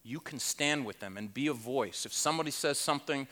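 A man's voice: medium pitch, fairly quick, pushed and bright. A man preaching a sermon at a conference, emphatic and conversational, with rhetorical questions and wry asides. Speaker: conference speaker.

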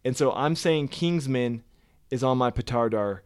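A man's voice: mid-range voice, measured pace, darkish tone, clear, resonant tone, no echo, studio quality. A man co-hosting a podcast in casual chat, loose and talkative and swearing freely. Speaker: podcast co-host.

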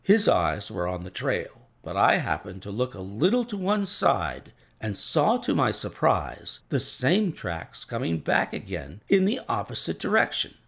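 A man narrating a classic story aloud in a steady, first-person manner. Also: medium pitch, unhurried, gravelly, hardly any pauses, breathy edge. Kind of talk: storybook reading.

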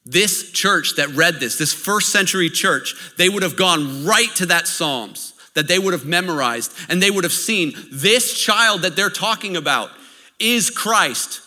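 A man preaching from the pulpit, his voice high-pitched and piercingly bright. His delivery swings up and down as he tells stories and checks in with the congregation. A long reverb tail trails off in the large hall. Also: unhurried. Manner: lively storytelling, checks in with the audience. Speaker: pastor. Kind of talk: sermon.

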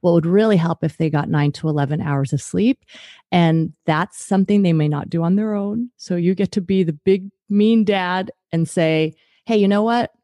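Soft-spoken woman with a mellow tone. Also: on the low side, normal speed, no room sound. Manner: earnest, acts out parent dialogue. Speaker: guest author. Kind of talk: podcast interview.

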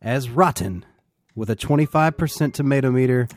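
Brief: mid-pitched man, animated delivery, casual podcast talk, dry mic. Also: normal speed, no echo. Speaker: podcast co-host. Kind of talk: casual film chat, reading review quotes.

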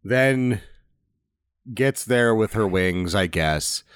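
A man's voice: lowish voice, expressive, drawn-out words, smooth, no echo. A man co-hosting a podcast, giving dry, sardonic takes on a movie in casual chat. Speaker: podcast co-host.

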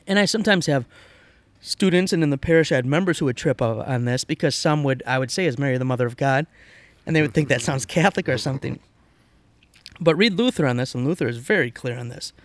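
A man who teaches and once led a parish, explaining church history in a relaxed, chatty way with many fillers and restarts. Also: mid-range voice, fast talker, no room sound. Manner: conversational, lively, with fillers and self-corrections. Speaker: podcast co-host, pastor and teacher. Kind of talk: casual theological discussion.

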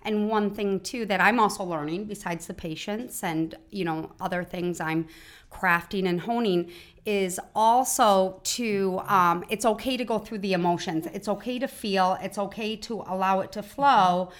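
A woman's voice: medium pitch, normal speed. Reflective woman hosting a parenting chat. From Michigan, United States. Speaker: host. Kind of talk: casual conversation about parenting.

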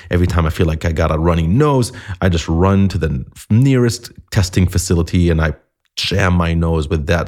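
A man's voice: low voice, darkish tone. A man hosting a podcast in a chatty, self-deprecating monologue, a little sniffly from a cold. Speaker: podcast host.

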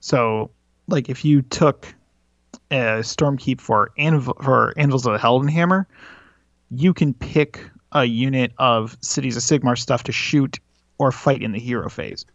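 A man in casual chat, calmly and knowledgeably explaining tabletop game rules. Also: medium pitch, a little slow, no room sound. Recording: dull, dry lo-fi audio.

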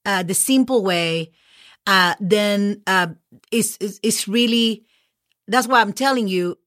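A woman's voice: mid-range voice, takes it slowly, a bit bright, dry recording, clean studio sound. Patient woman teaching. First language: Spanish. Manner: patient, spells words letter by letter, checks in with "okay?". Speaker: Spanish teacher, podcast host. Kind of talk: casual podcast language lesson.

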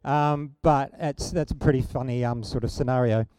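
A middle-aged man preaching a sermon, telling a story in an animated, humorous way. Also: mid-range voice, normal speed, clear, resonant tone, no echo.

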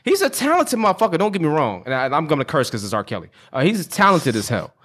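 A man's voice: fairly high pitch, wildly swooping pitch, quick pace, a bit bright. A man talking casually with friends, rambling and cursing freely as he makes his points. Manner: loose, rambling, curses freely. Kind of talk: casual group chat.

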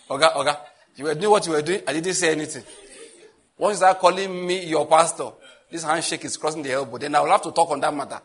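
A man with a Nigerian accent preaching a sermon as pastor, animated and telling stories with asides. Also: fairly high pitch, fast.

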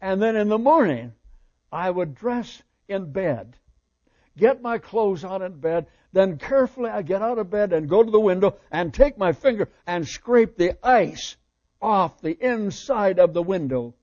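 An older man preaching a sermon with fervent emphasis, repeating phrases and swinging between loud and soft. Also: sits high, animated, a little slow, muffled recording.

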